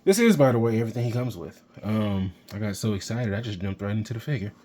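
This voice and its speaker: Deep-voiced man, excitable toy reviewer, rambling, faint room hum behind. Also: fast talker. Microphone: handheld camera mic.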